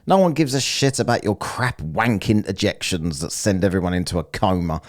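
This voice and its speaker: Sneering man with a deep voice. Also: normal speed. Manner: mocking, profane, sneering. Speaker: commentator reacting to clips. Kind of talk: sarcastic reaction commentary.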